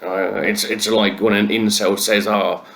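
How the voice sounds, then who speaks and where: A comedian going through the news in a sweary, sardonic rant full of fillers and restarts. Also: male voice, fairly low pitch, little pitch movement, measured pace, a bit bright.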